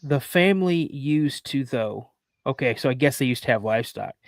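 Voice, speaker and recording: A middle-aged man talks with a fairly high voice in a dry, close sound. He hosts casually, joking and rambling, often restarting his sentences as he reads a story aloud. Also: no room sound. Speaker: podcast host. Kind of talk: casual chat and reading a listener's story aloud.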